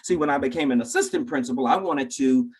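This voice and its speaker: A man's voice: mid-range voice, fast talker, husky. A man giving a keynote talk to teachers, telling stories dramatically, acting out voices and addressing the audience directly. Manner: dramatic storyteller who acts out voices. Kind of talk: animated keynote storytelling.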